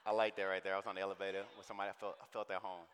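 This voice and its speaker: A man's voice: sits low, very fast. A man from St. Louis with a St. Louis accent, speaking animatedly to a conference audience and calling them y'all. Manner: animated, drawls and stretches sounds, addresses the crowd as y'all. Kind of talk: lively talk to a large audience. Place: large conference hall. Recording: long hall reverb, faint noise.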